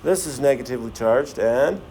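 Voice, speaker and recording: A man's voice: medium pitch, expressive, moderate pace, warm tone, slight background noise. Man teaching a class, asking questions. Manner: asks the class many questions, jokey. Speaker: science teacher. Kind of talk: classroom lecture with demonstration.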